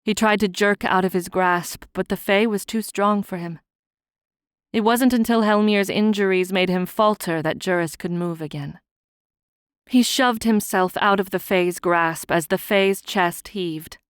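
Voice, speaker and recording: A woman narrating a fantasy audiobook in a measured, soft-spoken reading on a close studio mic. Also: medium pitch, clean tone, no room sound.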